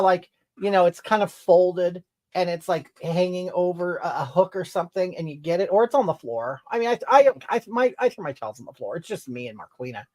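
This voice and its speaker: This comedy livestream features a woman in character as a brash, easily irritated middle-aged streamer answering viewer comments with sassy, wandering replies and frequent "okay?" and "honey." Her natural voice is fairly low with a darkish tone.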